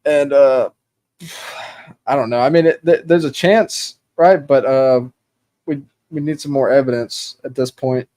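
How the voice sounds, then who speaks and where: A man on a casual panel chat, hesitant and halting, sighing between thoughts. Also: medium pitch, fairly even intonation, darkish tone. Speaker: guest panelist.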